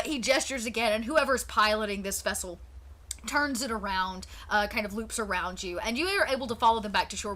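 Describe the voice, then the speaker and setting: A woman's voice: mid-range voice, bright, forceful tone, slight background noise. A woman narrating as game master of a tabletop pirate game, chatty, with many fillers. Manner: chatty, lots of fillers and restarts.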